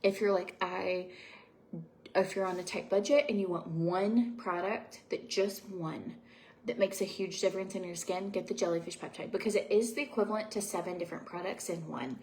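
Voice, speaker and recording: Gravelly-voiced woman chatting through her skincare routine. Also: mid-range voice, a little mellow. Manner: rambling, confiding, many fillers. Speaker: beauty vlogger. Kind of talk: casual chat during a skincare routine. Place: at home.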